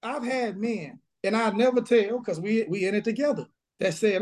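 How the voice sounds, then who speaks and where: Man, Southern pastor, high-pitched, emphatic and blunt, remote interview. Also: moderate pace, darkish tone. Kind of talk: casual interview, preaching energy. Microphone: video call.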